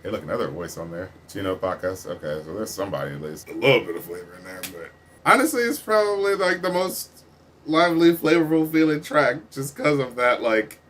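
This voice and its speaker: A man's voice: medium pitch, animated, fairly quick, a bit bright, slight background noise. A man reviewing an album in casual commentary, ranting with lots of swearing and fillers. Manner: profane, exasperated ranting; heavy filler talk. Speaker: music critic.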